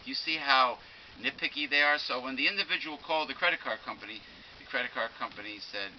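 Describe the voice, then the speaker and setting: A man's voice: mid-range voice, fast, dull audio, slight background noise. A man hosting a talk show, ranting with indignation and often restarting his sentences. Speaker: show host. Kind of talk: casual talk-show chat.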